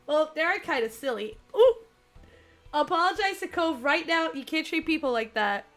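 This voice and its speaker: A young woman streaming, reading a dating game aloud and chatting with viewers, excitable with squealing laughs. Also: high voice, normal speed, soft background music.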